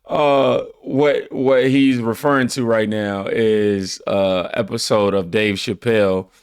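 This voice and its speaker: A man's voice: fairly low pitch, steady tone, slow, clean tone, no room sound, studio quality. A man hosting a reaction channel, laid-back, reading viewer comments aloud and riffing on them.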